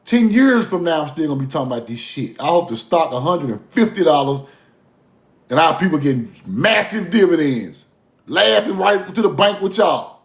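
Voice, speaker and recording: A man's voice: fairly high pitch, moderate pace, gravelly. A man holds forth in a loose, preachy monologue, his voice rising and dropping widely. He laughs often as he talks. The recording has a roomy echo. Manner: animated, preachy, swings between soft asides and raised bursts; laughs often while talking. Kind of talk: casual monologue.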